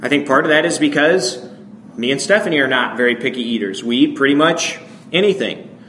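A man's voice: medium pitch, fairly quick, roomy sound, a little hiss or hum, poor audio. A man with a northern American accent preaching a sermon in a conversational way, often checking in with "right?". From northern United States. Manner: conversational, asks "right?" often, animated emphasis.

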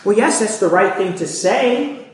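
A man's voice: high voice, lively intonation, measured pace. A man preaching a sermon, emphatic and asking his listeners rhetorical questions. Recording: echoey room.

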